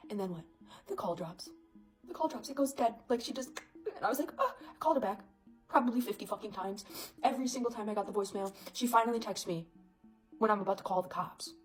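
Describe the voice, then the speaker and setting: A woman casually telling a scary story, chatty and animated, with lots of fillers. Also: fairly high pitch, quick pace, faint music behind, poor audio.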